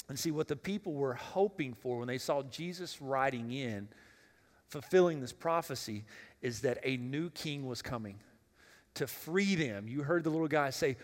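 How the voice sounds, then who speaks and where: A man's voice: fairly high pitch, normal speed. A man preaching a sermon as pastor in a church, talking casually and directly, putting questions to the congregation and often repeating words as he restarts. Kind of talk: conversational sermon. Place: church sanctuary. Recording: long reverb of a church hall.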